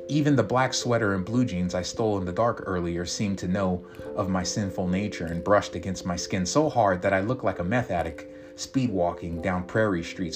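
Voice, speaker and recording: A man reading a first-person story aloud in a reflective, confessional way. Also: sits low. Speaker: story reader. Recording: guitar music behind.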